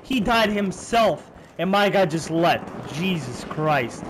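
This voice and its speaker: A man giving casual gameplay commentary, profane and excitable, trash-talking as he plays. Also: sits high, takes it slowly, noisy background. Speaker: gaming channel host. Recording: game music behind.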